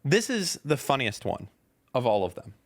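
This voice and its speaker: A man's voice: medium pitch, big pitch swings, normal speed. A man in his thirties hosting a podcast, reading tweets aloud and mocking them in casual, sarcastic chat.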